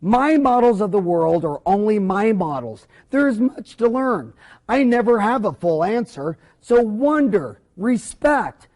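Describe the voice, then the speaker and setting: A middle-aged man giving a seminar lecture in a blunt, animated and irreverent way. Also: sits high, normal speed. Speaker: dentist lecturer.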